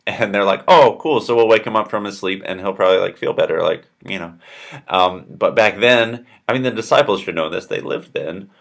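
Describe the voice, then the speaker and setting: Young guy youth pastor, deep voice, telling a bible story all loose and chatty, lots of like and right. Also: a little fast, creaky, a bit bright. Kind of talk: casual Bible story retelling to kids.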